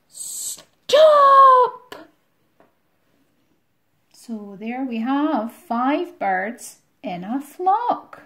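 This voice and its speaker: A Scottish woman telling a rhyming story to children while drawing, gentle and rhythmic, with soft asides. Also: on the high side, reverberant. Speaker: music tutor.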